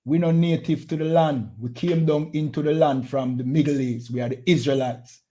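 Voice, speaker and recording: A man's voice: fairly high pitch, fairly even intonation, normal speed, dark tone. A man with a Jamaican accent preaching in a heated, confrontational way, repeating his phrases for emphasis. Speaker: street preacher.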